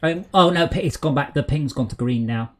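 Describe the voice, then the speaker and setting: A man's voice: on the high side, brisk. A man hosting a casual gaming stream, chatting and rambling aloud with lots of fillers while he sorts out game problems.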